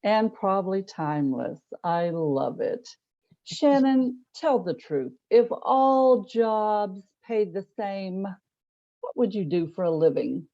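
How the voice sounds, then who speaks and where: A woman's voice: mid-range voice, expressive, slow pace, warm tone. A woman interviewing a guest on a video call, jokey and teasing. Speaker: interviewer at a club meeting. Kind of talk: lighthearted interview hosting. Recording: slightly dull lo-fi video call audio.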